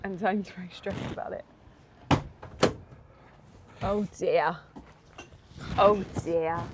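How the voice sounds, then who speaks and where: A woman's voice: steady tone, slow. Playful Somerset woman chatting in a car. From Somerset, England. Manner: playful, jokey. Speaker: van build vlogger. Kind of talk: casual chat in a car. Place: inside a moving car. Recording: car rumble and road noise.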